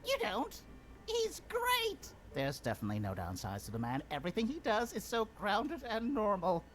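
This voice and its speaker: A woman's voice: huge pitch swings, moderate pace, faint music behind. An actress playing a sarcastic female retainer in a video game, mocking her lord with dry irony. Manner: dry sarcasm, exaggerated swings in pitch. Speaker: game character.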